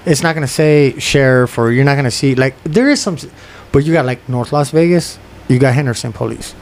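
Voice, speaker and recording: A man's voice: mid-range voice, fairly quick, darkish tone, slight background noise. A man co-hosting a podcast, talking in a slangy, profane, emphatic way. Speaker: podcast co-host. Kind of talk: casual chat.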